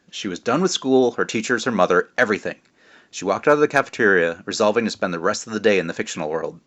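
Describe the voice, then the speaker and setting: A man, the author, reading his children's book aloud in a friendly, relaxed way, adding asides. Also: low-pitched, dull audio. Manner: friendly, relaxed, comments between passages.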